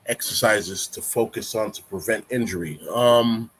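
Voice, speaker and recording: A man's voice: on the low side, normal speed, slightly rough. A man hosting a casual live-stream talk show, talking loosely in an instructive, coaching way and leaning on "you know" a lot. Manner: relaxed, rambling, heavy use of "you know". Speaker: livestream talk show host.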